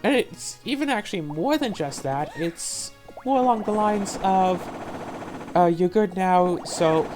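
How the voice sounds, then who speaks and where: A young woman with a medium-pitched, animated voice hosts a let's play, talking at a measured pace over music. She rambles and vents as she plays, sounding frustrated and sarcastic in her casual gaming commentary.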